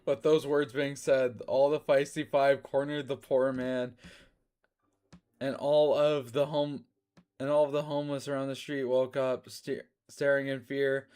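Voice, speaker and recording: A man's voice: medium pitch, little pitch movement, unhurried, darkish tone, clean tone. A man reading fanfiction aloud in a casual comedic way, breaking off to swear and laugh at the writing. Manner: swearing, laughing asides, self-interrupting. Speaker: fanfiction reader.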